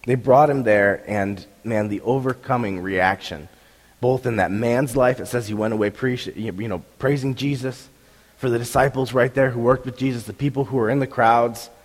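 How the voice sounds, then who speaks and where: Young male pastor, sore-throat hoarseness, lively storytelling sermon, long hall echo. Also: medium pitch, normal speed. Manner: animated storytelling, acts out crowd reactions. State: voice roughened by strep throat. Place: church hall.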